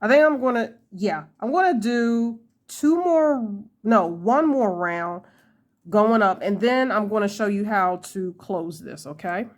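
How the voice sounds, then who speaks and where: Slow-talking chatty woman crochet host. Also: medium pitch, expressive. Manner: chatty, laughs often, talks to viewers. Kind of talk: casual crochet tutorial.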